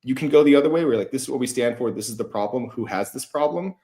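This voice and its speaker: Talking fast in a mellow, medium-pitched voice, a man hosts a casual conversation giving feedback. His speech is loose and profane, packed with fillers.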